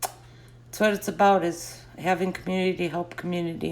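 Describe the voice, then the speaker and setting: A woman's voice: fairly low pitch, steady tone, moderate pace, darkish tone, slight background noise. A middle-aged woman chatting casually and answering live comments, laughing often.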